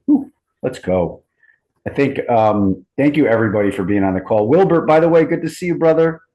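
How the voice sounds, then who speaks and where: Thirties male host on a video call, rambling and upbeat, mid-pitched voice. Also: expressive, a little fast, mellow, muffled recording. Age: 30s. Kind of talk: casual group video call.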